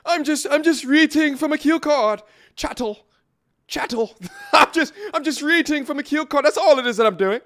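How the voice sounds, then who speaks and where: A man putting on a high, mocking imitation of a posh British male interviewer. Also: extremely slow, exaggerated voice. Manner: squeaky, mocking exaggerated British accent.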